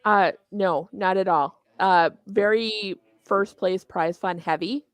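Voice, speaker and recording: A middle-aged woman with a Minnesota accent talks casually in an interview about running tournaments. She is chatty and pokes fun at herself, laughing easily. Her voice is mid-pitched and sits dry and close, with no room around it. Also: fairly even intonation, no echo. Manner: chatty, self-deprecating, quick to laugh. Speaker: tournament organizer guest.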